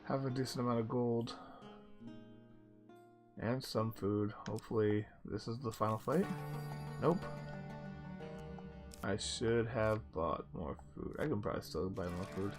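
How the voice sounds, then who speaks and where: A man's voice: fairly low pitch, a little slow, long pauses, music in the background. A young man casually commenting on his gameplay, chatty and reacting aloud as he reads game text. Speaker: gaming video host.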